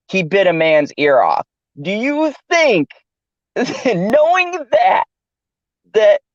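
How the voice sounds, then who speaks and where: A man's voice: high-pitched, no echo. A man hosting a casual podcast chat, laughing often and cursing freely. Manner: laughs often, loose and profane. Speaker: host. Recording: dull, dry lo-fi recording.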